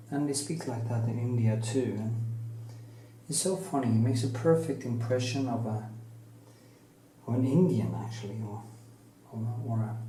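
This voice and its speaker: A man's voice: medium pitch, mellow, echoey room, a little hiss or hum, poor audio. A Norwegian man with a Norwegian accent, musing and joking while he paints in his studio. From Norway. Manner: slow, musing, joking asides. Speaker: painting teacher. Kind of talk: rambling talk while painting.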